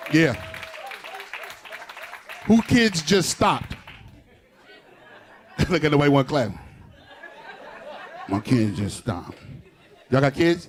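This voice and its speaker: A man doing crowd-work stand-up with a New York accent, teasing audience members and laughing between jokes. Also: a little high. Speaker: stand-up comedian. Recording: live crowd in the room. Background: audience laughter and claps.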